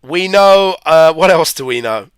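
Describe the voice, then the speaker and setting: A man's voice: a little high, expressive, a little slow, smooth, dry recording, studio quality. A man with hay fever, giving a chatty, rambling live-stream physics revision lesson and talking to his viewers. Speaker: physics tutor.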